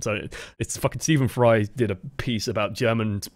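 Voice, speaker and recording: A man's voice: on the low side, fairly even intonation, normal speed, dry recording. An English man coaching over gameplay footage, talking in a casual, rambling and profane way. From England. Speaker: game coach. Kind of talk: gameplay review commentary.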